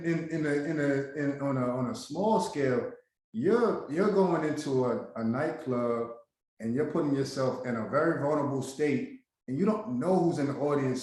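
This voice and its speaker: A man's voice: fairly high pitch, a little mellow. Laid-back man in a very echoey room. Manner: laid-back, agreeing, slangy. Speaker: podcast host. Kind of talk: casual interview chat.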